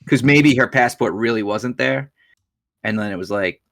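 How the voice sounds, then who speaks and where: A man's voice: medium pitch, moderate pace, vocal fry, a bit bright. A man hosting a podcast, telling a story in casual chat, swearing freely. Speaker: podcast host.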